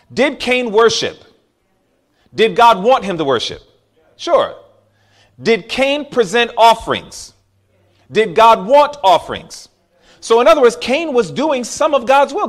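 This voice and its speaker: Guy preaching a sermon, high voice that jumps all over, talks right to the crowd. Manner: animated storytelling preacher, calls to the crowd.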